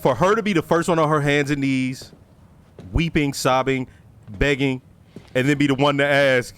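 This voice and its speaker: A man's voice: mid-range voice, fairly even intonation, moderate pace, a bit bright, clean tone. A man hosting a reaction video, talking casually in slang and laughing often as he comments.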